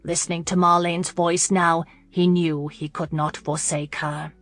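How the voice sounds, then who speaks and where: A woman narrating a romance audiobook in a measured, steady reading voice. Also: on the low side, dry recording, soft background music. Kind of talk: scripted narration.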